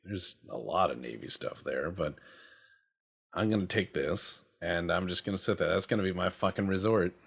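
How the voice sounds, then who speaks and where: A man's voice: low voice, moderate pace, creaky, fairly bright tone, slightly rough. A man hosting casual gameplay commentary, rambling and joking, and swearing freely as he goes. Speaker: gaming channel host.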